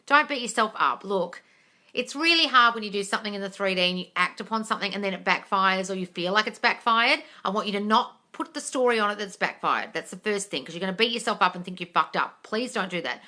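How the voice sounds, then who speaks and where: A woman hosting a live question-and-answer stream, talking bluntly and with swearing, calling viewers darling and swinging between soft coaxing and excited squeals. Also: mid-range voice, fast talker. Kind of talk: casual live chat.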